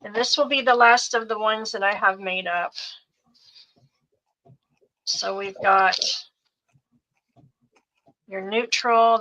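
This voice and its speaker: A middle-aged woman walks through craft bundles one item at a time, in no hurry. Her voice is bright and forward, and she lists each piece with a soft, unhurried cadence. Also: medium pitch, poor audio. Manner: unhurried, listing items one by one. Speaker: seller showing craft bundles. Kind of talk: slow live sales show-and-tell.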